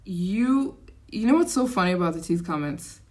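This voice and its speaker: A young woman hosting a casual livestream, chatting excitably and reacting to viewer comments. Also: fairly low pitch, moderate pace. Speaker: livestream host.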